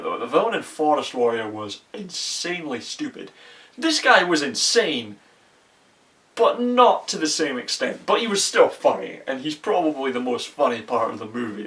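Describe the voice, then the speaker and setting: A man's voice: fairly high pitch, sing-song, moderate pace, fairly bright tone. A young man in a casual, profane movie review, rambling with restarts and often exasperated. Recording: voice a bit far from the mic.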